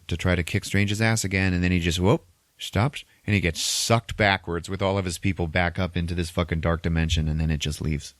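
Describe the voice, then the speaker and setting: A man hosting a podcast, recapping a movie in a casual, animated way, swearing freely and laughing often. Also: deep voice, dry recording. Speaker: podcast host.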